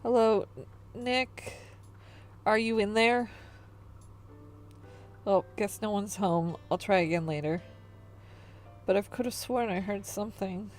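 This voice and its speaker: A jittery young caretaker, read by a woman who trips over words and rambles when nervous. The delivery is slow at a middling pitch, in a comic read-aloud. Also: a little mellow, soft background music, lightly acted. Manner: hesitant, stammering and rambling.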